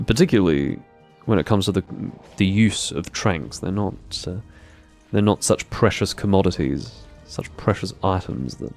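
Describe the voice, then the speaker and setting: A man giving relaxed, rambling commentary while playing a game live, with dry, self-deprecating asides. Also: low voice, creaky. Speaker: gaming streamer.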